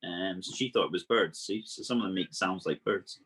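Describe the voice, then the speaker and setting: A man presenting an exotic animal workshop over a video call, explaining facts to children in a lively, playful way. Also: low voice, brisk, husky.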